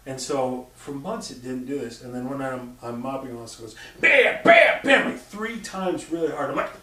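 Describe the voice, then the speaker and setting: A man tells stories in casual conversation, swearing freely and acting out sounds and quotes. His mid-range voice moves a little fast, with slight background noise. A distant mic gives the recording a roomy sound.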